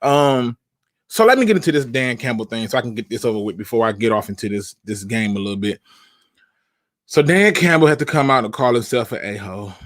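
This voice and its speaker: Chatty sports live-stream host, dry close mic. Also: male voice, mid-range voice, a bit bright, dry recording. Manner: conversational, repeats himself, uses slang. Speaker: podcast host.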